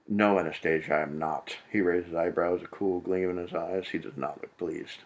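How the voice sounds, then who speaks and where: A man with a low, gravelly voice reads a novel aloud for laughs. He keeps stopping to mock it in crude, profane asides, sounding fed up with the text. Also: steady tone, normal speed, hardly any pauses. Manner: profane, exasperated, mocking. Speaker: comedic reader. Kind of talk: comedic read-aloud with crude commentary.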